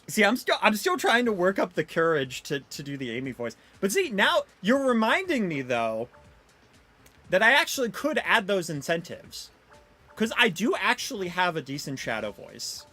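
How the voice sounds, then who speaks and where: Young female streamer, casual and rambling, lively pitch. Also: moderate pace, soft background music. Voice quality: fairly deep for a woman. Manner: chatty, self-deprecating, many fillers. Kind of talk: casual live-stream chat.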